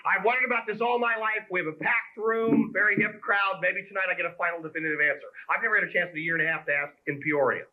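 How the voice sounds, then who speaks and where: Stand-up comic, man from Pennsylvania, high and animated, lo-fi club recording. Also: fast talker, few pauses. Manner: conversational, teasing the crowd, punchy delivery. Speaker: stand-up comedian. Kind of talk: stand-up comedy set. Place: comedy club stage. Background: audience laughter.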